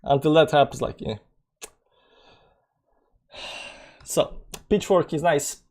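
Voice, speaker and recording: A man hosting a casual live stream, reading chat and talking through charts in a rambling, filler-heavy way, low on energy. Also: slow pace, a little mellow. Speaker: crypto live stream host.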